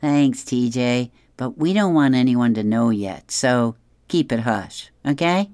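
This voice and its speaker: A man voicing a fussy young man in a comic strip who is expecting a baby and wants it kept quiet. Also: mid-range voice, lively intonation, unhurried, no echo, studio quality, close to an everyday voice.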